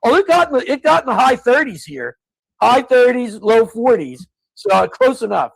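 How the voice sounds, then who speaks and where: A man's voice: very high voice, very animated, normal speed, vocal fry, husky, no echo, rough recording. A man co-hosting a casual podcast, telling stories and ranting in exasperated bursts. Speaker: co-host.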